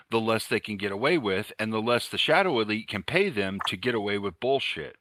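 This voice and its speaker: A man's voice: lowish voice, expressive, brisk, few pauses, a bit bright, dry recording. A man in a casual live stream chat, talking in an emphatic, profane rant. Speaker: panel participant.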